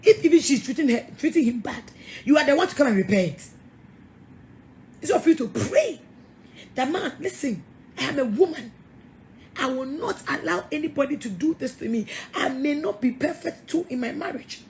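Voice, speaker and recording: A woman's voice: high voice, animated, normal speed, darkish tone, a little hiss or hum. A middle-aged woman pastor with a Ghanaian English accent, giving an emphatic, scolding sermon-style talk with frequent laughs and repeated words.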